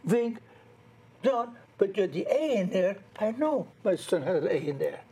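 A man's voice: high voice, big pitch swings, moderate pace, mellow, slightly rough. An older man from the Netherlands with a Dutch accent, a guest chatting in a rambling, storytelling way. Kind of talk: casual chat.

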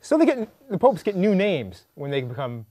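A man's voice: high voice, sing-song, normal speed, mellow. A man co-hosting a podcast, chatting casually and asking lots of curious questions, laughing easily. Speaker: podcast co-host. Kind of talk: casual chat.

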